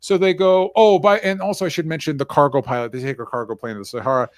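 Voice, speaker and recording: A man hosting a casual movie discussion podcast, rambling and a bit profane with quick asides. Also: fairly high pitch, steady tone, dry recording, clean studio sound. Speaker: podcast host.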